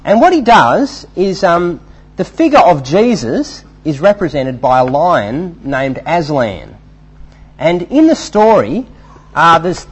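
Guy preaching a sermon, husky, pitch all over the place, kinda high. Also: dull audio. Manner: animated, emphatic preaching with fillers.

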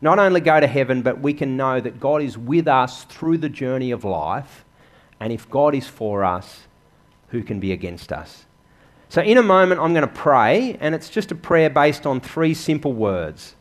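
A man's voice: medium pitch, animated, moderate pace. A man preaching a sermon in a church, earnest and conversational, asking the congregation questions. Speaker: pastor.

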